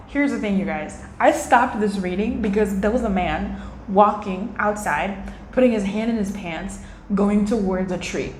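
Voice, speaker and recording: A young adult woman giving a casual tarot reading, chatty and animated, slipping into little quoted voices. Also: mid-range voice, moderate pace. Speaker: tarot reader. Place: indoor room by a window. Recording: echoey room with faint ambient noise.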